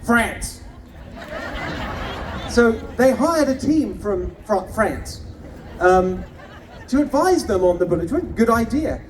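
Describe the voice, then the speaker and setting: A man's voice: very high-pitched, very animated, measured pace, distant mic, a faint crowd, a little hiss or hum. A man giving a punchy, mocking campaign rally speech, firing off rhetorical questions at an outdoor rally. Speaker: political candidate.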